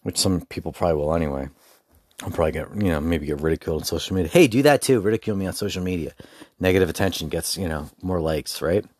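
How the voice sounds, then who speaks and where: A man with a very low, deep voice hosts a casual solo podcast. He talks in a candid, loose and conversational way, and the sound is close and dry with no room echo. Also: steady tone, fast, a little mellow. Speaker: podcast host.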